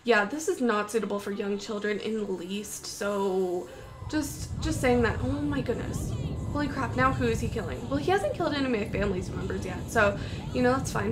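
A young woman with a high, bright-toned voice talks through gameplay in an excitable, panicky way, gasping and exclaiming. A faint hiss of noise sits under her voice. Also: moderate pace. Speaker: gaming YouTuber. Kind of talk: gameplay commentary.

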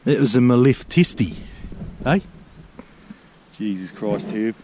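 A man's voice: mid-range voice, animated, slow pace. A New Zealand man vlogging outdoors, rowdy, swearing a lot and calling out to his mate. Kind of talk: outdoor vlog chat. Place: outdoors in the countryside. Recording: outdoors with clear background noise.

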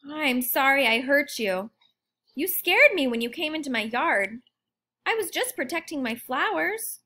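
A woman doing a shouty little hummingbird. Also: high-pitched, lively intonation, measured pace, voice pushed up, exaggerated voice. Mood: apologetic. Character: young male hummingbird, territorial and touchy.

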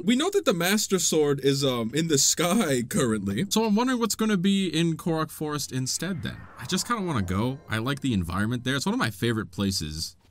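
A young man giving excitable let's play commentary, laughing often and talking back to the game characters. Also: fairly high pitch. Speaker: gaming video creator.

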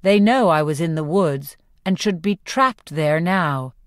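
A woman narrating a novel in the first person, with clear, expressive storytelling. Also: on the low side, unhurried, no room sound, clean studio sound. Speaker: audiobook narrator.

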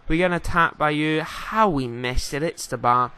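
A young Welsh-accented man talks through a football game in a casual, rambling voice-over. His voice sits a bit high and comes across bright and forceful. He fills gaps with ums and restarts. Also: moderate pace, clear, resonant tone. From Wales. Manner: rambling, casual, filler-heavy. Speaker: gaming YouTuber.

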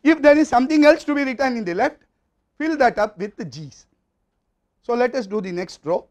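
A man's voice: very high voice, animated, brisk. A man with an Indian English accent giving a university lecture, explaining step by step in a methodical way.

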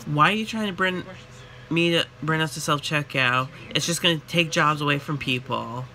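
A man's voice: fairly high pitch, normal speed, bright, forceful tone, slight background noise, low-quality recording. A man voicing a smug, teasing adult female shopper in a mocking sing-song. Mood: skeptical.

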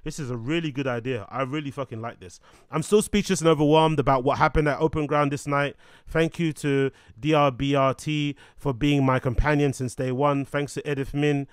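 A man hosting a show, chatting in an animated, joking way with frequent swearing. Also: medium pitch, a little fast, clear, resonant tone, no room sound, clean studio sound. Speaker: show host. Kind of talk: casual commentary.

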